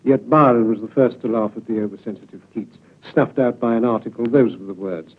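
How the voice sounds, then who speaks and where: Guy reciting his own poem, loud then dropping way down, sounds like a thin old radio broadcast. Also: a little fast. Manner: declamatory, swinging between booming lines and low trailing endings. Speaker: poet. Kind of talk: poetry recitation. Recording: tinny lo-fi archival radio recording.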